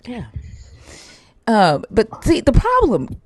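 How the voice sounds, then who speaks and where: A woman's voice: fairly high pitch, wildly swooping pitch, slow pace, slight background noise. A woman with a Southern US accent hosts a livestream, bluntly and profanely pressing a caller with questions. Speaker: livestream host. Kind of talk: casual debate with callers.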